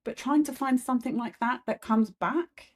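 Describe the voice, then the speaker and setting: A woman's voice: a little high, normal speed. A woman guest, a comedian, talking frankly and reflectively in a candid conversation, swearing freely.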